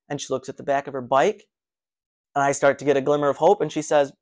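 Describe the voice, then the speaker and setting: Casual male storyteller at a mid pitch, animated and conversational, recounting a personal adventure. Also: quick pace. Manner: animated, breathless recounting with restarts. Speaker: runner telling his own story.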